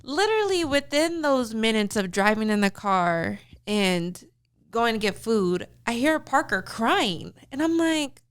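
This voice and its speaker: A young woman with a high, smooth, clear voice tells a story on a casual podcast. She is animated and breaks into laughter often as she talks. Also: unhurried, dry recording. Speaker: podcast co-host.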